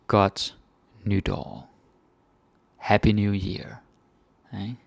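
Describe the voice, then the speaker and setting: A man with a Danish accent teaching phrases in a casual lesson, repeating each phrase slowly before explaining it. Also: fairly low pitch, vocal fry, no room sound. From Denmark. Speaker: language teacher.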